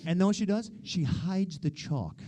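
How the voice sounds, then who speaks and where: A man's voice: sits high, expressive, moderate pace, background noise. A young American man performing a stand-up comedy set, self-deprecating and wry, swearing freely. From United States. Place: live comedy stage.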